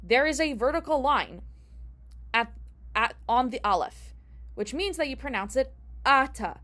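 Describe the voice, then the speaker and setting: A woman's voice: sits high, animated, normal speed, a bit bright. Chatty young woman teaching a lesson. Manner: chatty, repeats and restarts, rhetorical questions. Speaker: rabbinical student teaching Hebrew. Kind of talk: casual explanatory lesson.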